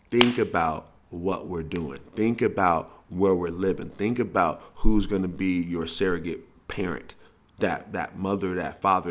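A middle-aged man from the States, a podcast host and coach giving blunt, profane advice and telling stories with lots of repetition for emphasis. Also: sits low. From Southern United States. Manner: animated storytelling, blunt and profane, repeats for emphasis. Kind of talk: casual advice talk.

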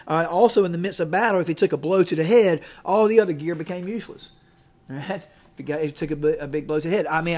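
A man giving a casual, folksy sermon as a preacher and coach, rambling and checking in with his listeners. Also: a little high.

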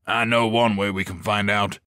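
A man's voice: on the low side, little pitch movement, normal speed, sharp tone, smooth, no room sound, studio quality. A man voicing a cocky, joking SWAT officer in an audiobook. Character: bearded male SWAT officer, swaggering.

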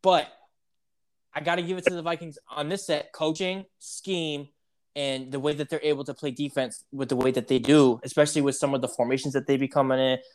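A man's voice: a little high, flat delivery, fairly quick. A man co-hosting a casual sports debate show, talking animatedly and repeating his points to hype the game.

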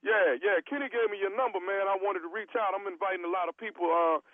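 A man's voice: high voice, fast, no room sound, voice pushed up, natural voice. A man playing a chatty male neighbor on a prank phone call, rambling and stumbling over names. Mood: friendly pitch. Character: chatty male neighbor inviting folks to a fight party. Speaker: prank caller. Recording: tinny phone line.

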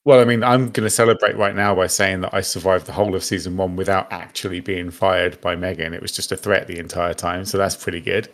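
Jokey podcast host guy, low-ish gravelly voice, playful banter. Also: flat delivery, fast, hardly any pauses, fairly bright tone. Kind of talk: casual podcast chat.

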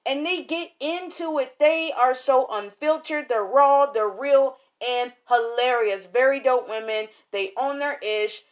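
A young adult woman hosting a podcast in a casual, slangy style, talking straight to her listeners, then reading a poem slowly and softly. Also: sits high. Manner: chatty and slangy, addresses listeners directly. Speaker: podcast host.

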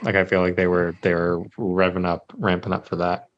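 A man with a fairly low voice talks through a TV episode on a podcast. He is relaxed and loose, trailing off into fillers as he goes. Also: fairly quick, lo-fi sound. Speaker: podcast co-host. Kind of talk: casual chat recapping a TV episode.

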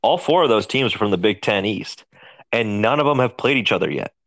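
A man's voice: on the low side, animated, brisk, a bit bright, dry recording. A man co-hosting a podcast, leading a casual sports chat in an easygoing, conversational way. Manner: easygoing, conversational, leads the questions. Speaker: podcast co-host.

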